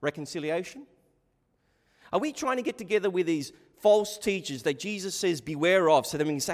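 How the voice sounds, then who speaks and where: A man preaches with an emphatic, insistent delivery, often restarting and repeating words. His voice sits high and swings widely in pitch. The sound rings with a long reverb, as if in a large hall. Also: very animated, brisk. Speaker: pastor. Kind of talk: sermon.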